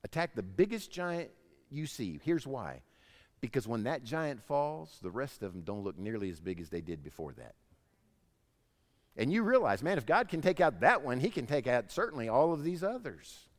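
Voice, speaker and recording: A man preaching a sermon as pastor, telling stories with lively voices. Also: mid-range voice, normal speed, long reverb tail. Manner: animated storytelling, acts out voices in anecdotes.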